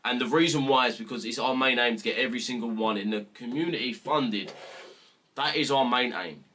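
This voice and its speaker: A man's voice: medium pitch, fairly quick, bright, forceful tone, a little hiss or hum. A young British man mentoring viewers on a live trading stream, ranting bluntly and swearing freely in casual chat. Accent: British English. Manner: blunt, profane, mock-serious ranting.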